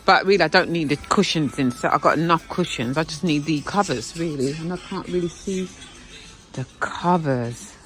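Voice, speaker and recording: A woman's voice: sits low, normal speed, a bit bright, soft background music, low-quality recording. A woman chatting to viewers about what she finds while shopping, exclamatory and talkative. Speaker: vlogger. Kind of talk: casual shopping vlog chat. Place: indoor shop.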